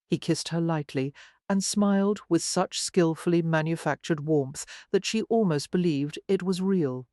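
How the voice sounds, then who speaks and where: An audiobook narrator reading a historical romance in an even storytelling delivery. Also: mid-range voice, unhurried, no room sound, studio quality. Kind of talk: scripted narration.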